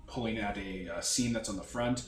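A man narrates a tabletop game as its game master, rambling and hunting for words as he describes the scene. His voice sits on the low side and is heard from a distance in an echoey room, with faint music in the background. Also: brisk. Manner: rambling, full of fillers and restarts.

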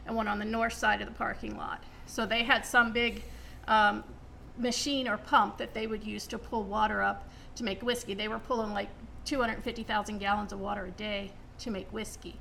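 A woman's voice: a little high, a little fast, vocal fry, slight background noise. A woman researcher explaining local history steadily, with frequent ums. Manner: steady, informative, many fillers.

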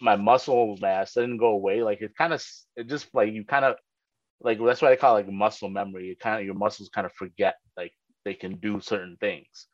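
A young man with a lowish voice rambles through a casual podcast chat, stopping and restarting with lots of "like". His audio sounds dull and muffled, and the room is dry. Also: dry recording. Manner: rambling, halting, full of "like". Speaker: podcast guest.

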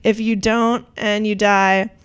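A woman's voice: medium pitch, flat delivery, slow, clean tone. A woman co-hosting a casual podcast chat, talking bluntly, swearing freely and launching into heated rants. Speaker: podcast co-host.

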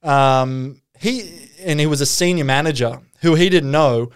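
A man's voice: on the high side, unhurried, smooth. A man casually telling a long story in a chat, rambling and full of swearing and fillers. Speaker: podcast co-host telling a story.

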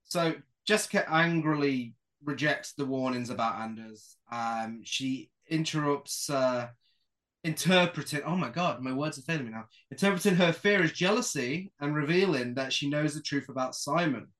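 A man with a fairly high voice talks through a horror film's plot on a casual podcast. He swears freely and trips over his words now and then, then pushes on with the recap. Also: moderate pace, fairly bright tone. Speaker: podcast host recapping the film.

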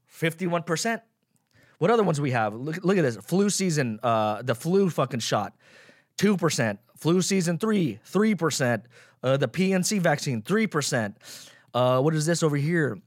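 A young man hosting a solo podcast, ranting sarcastically with plenty of swearing, swinging from loud mock outrage to mumbled asides. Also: on the high side, expressive, moderate pace, no echo, clean studio sound. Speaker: podcast host. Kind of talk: casual solo podcast rant.

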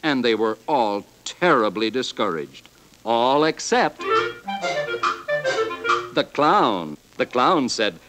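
Animated male storybook narrator. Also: mid-range voice, slow, pauses often. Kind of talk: storybook narration on a 1940s children's record. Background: music.

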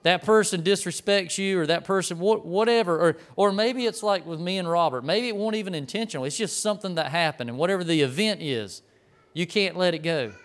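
Smooth-voiced man preaching conversationally. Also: high-pitched, a little fast. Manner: folksy storytelling, talking straight to the room. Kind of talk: conversational sermon.

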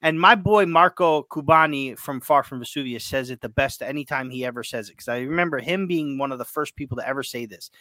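A man hosting a casual sports chat, excitable and emotional, often repeating his words. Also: medium pitch, no echo. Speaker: podcast host.

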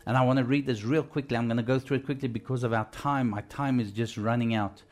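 Emphatic male preacher, mid-pitched. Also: steady tone, quick pace, faint music behind. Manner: emphatic, exhorting, retells scripture in a conversational way. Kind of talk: sermon.

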